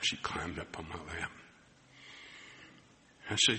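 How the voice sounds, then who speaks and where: A man preaching a sermon, telling a personal story, acting out the dialogue and dropping to soft near-whispers at tender moments. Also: sits low, very animated, unhurried, long pauses. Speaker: pastor. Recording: long hall reverb with faint background noise.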